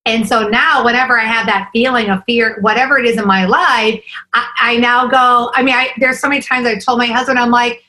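A woman's voice: fairly high pitch, fairly even intonation, moderate pace, bright, forceful tone, poor audio. A woman in her forties, a podcast guest talking casually and eagerly, often tagging her points with "right?". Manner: enthusiastic, fillers like "right?" and "like". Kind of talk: casual interview chat.

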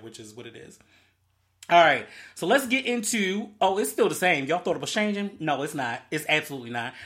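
A young adult hosting a solo podcast in an excitable, rambling way, full of slang and swearing. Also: medium pitch. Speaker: podcast host. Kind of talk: casual solo podcast chat.

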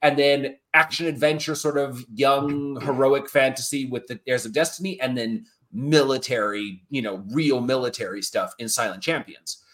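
A man, a guest author on a video call podcast, speaking in an emphatic, motivational and animated way. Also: mid-range voice, normal speed, few pauses. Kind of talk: casual podcast interview over video call.

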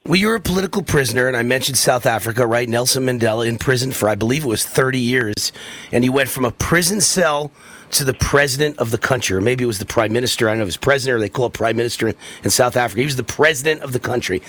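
A man's voice: mid-range voice, fast, a bit bright. A man hosting political talk radio, fervent and indignant, hammering his points with repeated phrases. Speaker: radio talk show host.

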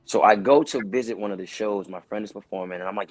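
Man, husky voice, dry close sound, casual animated storytelling, interview guest. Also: on the low side, quick pace, no echo. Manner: animated, acts out other people's lines. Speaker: guest actor telling a career story.

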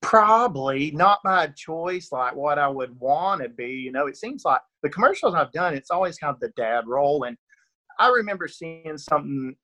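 A man's voice: on the high side, expressive, normal speed, bright, forceful tone. A man from Northeast Georgia with a rural Georgia accent, answering interview questions as an actor guest in a chatty, self-deprecating way, laughing often and restarting his sentences.

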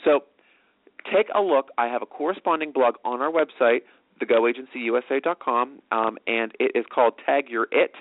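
A male host talks fast and loosely, piling on fillers and restarts as he explains. His voice sits at an ordinary pitch. The sound is thin and phone-like, with a dry, close feel. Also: no room sound. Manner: rambling, filler-heavy, fast. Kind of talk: casual talk show explanation. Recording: tinny dry phone-like audio.

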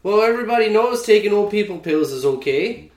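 A man's voice: sits high, animated, fairly quick, darkish tone. A man improvising a comedy scene on a podcast in a folksy, easygoing manner. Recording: roomy, distant, light noise.

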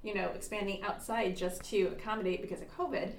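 A woman co-hosting a podcast in casual chat, upbeat and quick to laugh. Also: mid-range voice, steady tone, slight background noise. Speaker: podcast co-host. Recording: roomy echo.

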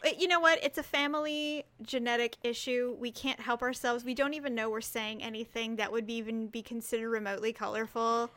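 A woman's voice: fairly high pitch, steady tone, a bit bright. A woman co-hosting a podcast as the older sister, teasing and chiming in during casual chat. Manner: teasing, quick interjections.

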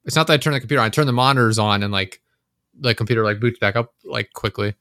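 Guy venting on a podcast, bright voice, cussing a lot, dry close mic. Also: mid-range voice, rapid-fire, no room sound. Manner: swears freely, acts out frustrated inner monologue. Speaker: podcast co-host. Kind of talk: casual chat.

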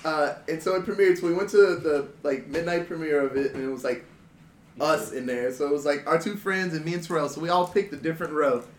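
Laid-back, high-voiced man telling stories. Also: a little fast. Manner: laid-back anecdotal telling, laughs often. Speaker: storyteller among friends. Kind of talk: casual group chat. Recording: roomy echo with noisy ambience.

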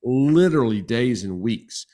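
A man in his sixties, a guest on a relationship podcast, telling stories in an animated way and acting out the quoted exchanges. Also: mid-range voice, unhurried. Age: 60s. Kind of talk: casual podcast conversation.

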